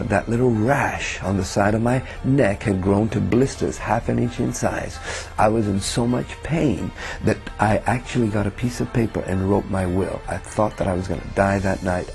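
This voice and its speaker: A man's voice: lowish voice, creaky, darkish tone. A man from England giving an earnest personal testimony, telling his story with many fillers. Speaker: testimony speaker.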